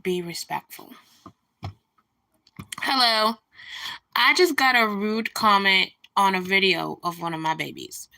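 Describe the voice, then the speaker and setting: Woman livestreaming, bright voice, fired up and ranting about a rude comment, saying hi to chat between rants. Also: medium pitch, a little slow, gravelly, long pauses. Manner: indignant venting, greets viewers between rants. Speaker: livestream host.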